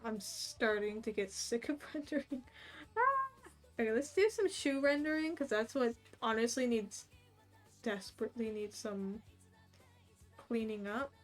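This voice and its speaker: A young woman streams while she draws, chatting casually and rambling with lots of "like" and little laughs. Her voice is on the high side at a normal speed, with faint music in the background.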